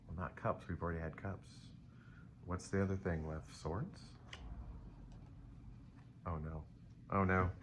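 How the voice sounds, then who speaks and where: A middle-aged man giving a casual live tarot reading to viewers, rambling and playful, calling them baby. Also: low voice. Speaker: tarot reader. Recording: faint ambient noise.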